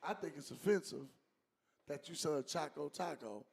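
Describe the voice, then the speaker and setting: Man, middle-aged, high voice, animated comedy podcast chat, laughs often. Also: normal speed, creaky. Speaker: co-host.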